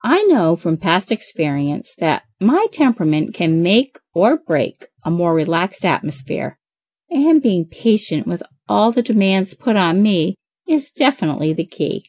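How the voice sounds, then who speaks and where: A woman's voice: fairly low pitch, big pitch swings, a little slow, a little mellow, no echo, studio quality. A woman in her forties, a mother of eight hosting a parenting show, reading advice in an upbeat, chatty way. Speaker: parenting podcast host.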